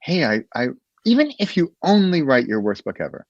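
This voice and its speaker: A man's voice: medium pitch, sing-song, brisk, no echo, lo-fi sound. A man who is a guest on a podcast, talking casually and animatedly about writing, often laughing and acting out little conversations.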